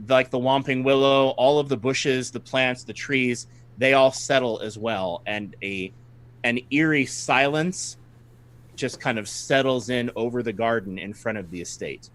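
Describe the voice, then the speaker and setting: A man's voice: mid-range voice, a little slow, a bit bright. A man running a tabletop game as game master, narrating the scene to his players and laughing often.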